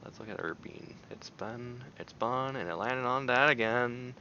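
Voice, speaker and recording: Bright, gravelly-voiced man rambling on camera. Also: medium pitch, a little slow, lo-fi sound, slight background noise. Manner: rambling, animated, exclaiming. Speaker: video creator. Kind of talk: casual chat while taste-testing.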